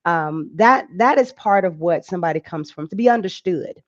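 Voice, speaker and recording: A medical doctor appearing as a talk show guest explains things casually and animatedly, acting out the voices of her patients. Her pitch is fairly low, her pace moderate, and the sound lo-fi.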